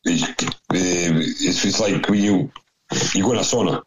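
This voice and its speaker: Very deep-voiced Scottish man, sweary storyteller. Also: measured pace, a little hiss or hum, poor audio. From Scotland. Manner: swears freely, voices others in his stories. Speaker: former footballer telling stories. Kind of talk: casual anecdote in a podcast chat.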